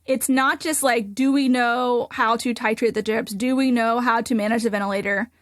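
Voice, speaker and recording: A woman podcast host who is an ICU nurse, with a high, bright-pitched voice, tells a story in a chatty, animated way, dropping "like" every few words. The sound is close and dry, with no room echo. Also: moderate pace. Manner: animated, chatty, many "like" fillers. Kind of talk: casual storytelling in a podcast chat.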